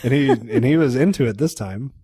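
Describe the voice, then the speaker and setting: A podcast co-host chatting casually about a movie, riffing on jokes and laughing quickly. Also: medium pitch, expressive, dark tone, slightly rough, no room sound, clean studio sound. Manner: jokey, quick to riff and laugh. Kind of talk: casual chat reviewing a movie.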